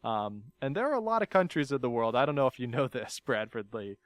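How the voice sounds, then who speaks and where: A man's voice: mid-range voice, very animated, a little fast, no room sound. A man hosting a casual podcast, playful and teasing, laughing often as he chats with his guest. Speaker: podcast host.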